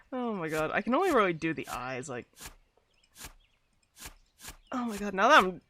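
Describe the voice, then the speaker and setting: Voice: medium pitch, very animated, takes it slowly, pauses often, sharp tone, a little hiss or hum. A VTuber streamer chatting casually while playing a game, rambling and laughing often. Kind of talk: casual gaming stream chat.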